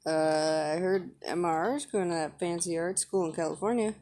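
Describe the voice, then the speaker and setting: A woman voicing an awkward, earnest single dad who rambles gently while trying to talk with his teenage daughter. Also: lowish voice, moderate pace, natural voice. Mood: gentle. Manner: gentle, rambling, fumbling for words. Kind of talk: reading a dating-sim script aloud.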